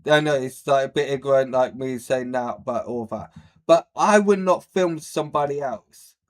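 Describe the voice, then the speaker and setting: A man with a medium-pitched voice speaks at normal speed while hosting a reaction video. His casual commentary rambles bluntly with many fillers, and he mentions having a speech problem.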